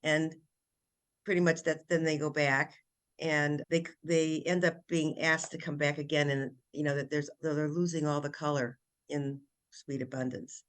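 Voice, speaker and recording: A woman's voice: low-pitched, normal speed. Older woman animatedly retelling her book. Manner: animated storytelling, many restarts. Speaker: children's author and guest. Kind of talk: casual interview chat.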